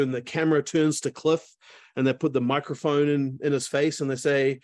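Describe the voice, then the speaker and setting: A man's voice: medium pitch, little pitch movement, moderate pace, a little mellow, dry recording, studio quality. Chatty man telling a story. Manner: chatty, lots of fillers and asides. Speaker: speaker. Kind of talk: casual storytelling talk. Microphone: video call.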